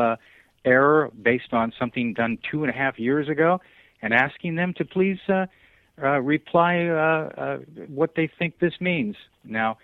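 A man being interviewed over the phone, talking earnestly and haltingly, with many fillers and restarts. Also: medium pitch, no echo. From Southern California. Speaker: guest. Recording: dry, tinny phone line.

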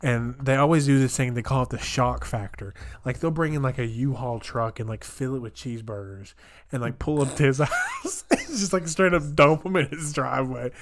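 A young man co-hosting a podcast, telling animated stories in casual chat, full of fillers and acted-out quotes. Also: medium pitch, moderate pace. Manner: animated storyteller, many "like" fillers, acts out quotes. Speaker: podcast co-host.

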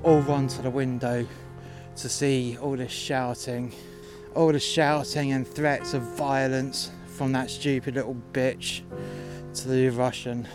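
A man's voice: medium pitch, little pitch movement, slow. A man spins a rude, mocking yarn about his job, swearing freely and speaking in a mid-range voice. He sounds like he is outdoors in the freezing cold. Guitar music plays behind him. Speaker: podcast storyteller. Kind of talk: profane casual storytelling.

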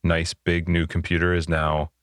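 A man in his thirties with a very deep voice chats in an upbeat, rambling way on a podcast, recorded close and dry on a studio headset. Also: monotone, moderate pace, fairly bright tone, no room sound. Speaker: podcast co-host. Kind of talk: casual chat.

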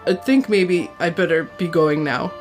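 A woman's voice: on the low side, normal speed, natural voice. An awkward teenage boy, read by a woman, gets out a few hesitant words. The voice stays near her own, subdued, with faint music behind. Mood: uneasy. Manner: hesitant, uneasy.

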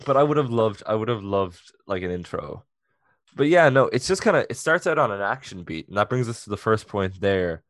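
A man co-hosting a podcast, chatting casually and excitedly about a TV episode, joking a lot and saying "like" often. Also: fairly low pitch, brisk, dry recording, clean studio sound. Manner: excitable and jokey, with many "like" fillers. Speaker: podcast co-host. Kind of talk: casual chat reviewing a TV episode.

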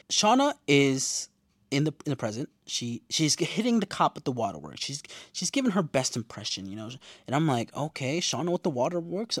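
A man in casual recap mode, talking fast and loose with slang and jumping into quick impressions of the characters. His pitch sits mid-range, and the sound is dry and close with no room around it. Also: no echo. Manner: animated, slangy, acts out quotes. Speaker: show recapper.

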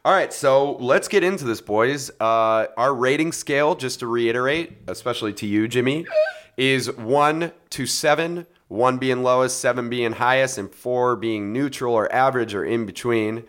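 A man's voice: mid-range voice, normal speed, fairly bright tone. Male podcast host, mid-range voice, casual, recaps movies with jokes. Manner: summarizes plots with jokey asides and laughs.

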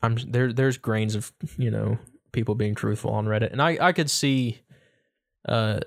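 A man's voice: lowish voice, moderate pace, creaky. A young man co-hosting a podcast in casual chat, giggly and rambling, often slipping into silly put-on accents. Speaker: podcast co-host.

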